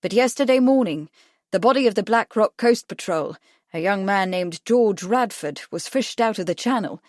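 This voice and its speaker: A woman reading a mystery audiobook in an even storytelling manner. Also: mid-range voice, moderate pace, no echo, studio quality. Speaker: audiobook narrator. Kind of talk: scripted narration.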